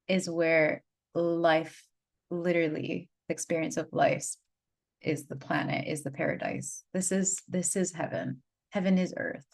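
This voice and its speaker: A woman who works as a spiritual guide, telling an unscripted personal story in an earnest, rambling way, full of "like" and repeated phrases. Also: fairly low pitch. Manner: earnest, gushing. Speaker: spiritual guide and energy healer.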